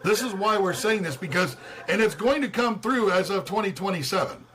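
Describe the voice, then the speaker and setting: A man's voice: high-pitched, animated, brisk, crowd noise. A man in a heated casual debate who cuts in insistently to make his point.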